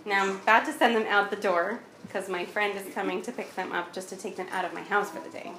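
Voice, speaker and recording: A woman's voice: mid-range voice, steady tone, fast, background noise. A woman in her thirties telling a personal story in a candid, conversational way, acting out the dialogue as she goes. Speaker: guest sharing a personal story. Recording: roomy echo.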